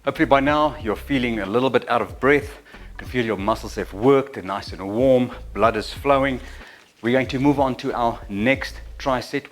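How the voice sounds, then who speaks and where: A middle-aged man coaching an exercise routine, counting reps and breathing audibly, a little out of breath during the sets. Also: medium pitch. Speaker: fitness instructor. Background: faint music.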